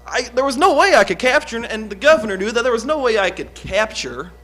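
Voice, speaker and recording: A man's voice: very high voice, very animated, quick pace, sharp tone, full character voice. A man playing a young, uneducated outlaw on the witness stand, talking in a folksy, rambling, hesitant way. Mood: heated. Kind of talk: improvised courtroom drama.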